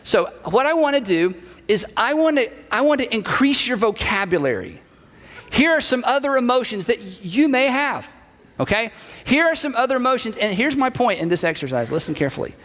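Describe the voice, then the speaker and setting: A man's voice: extremely high pitch, very animated, a little fast, a bit bright, big-room sound. A male pastor giving a conversational sermon, acting out short bits of inner dialogue.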